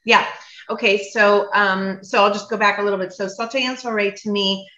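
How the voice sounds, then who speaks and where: A woman's voice: mid-range voice, fairly even intonation, moderate pace, bright, forceful tone. A woman talking casually as a podcast guest, chatty and full of fillers. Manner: chatty, many fillers and restarts. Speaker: guest, cooking event business owner. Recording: roomy, dull lo-fi sound.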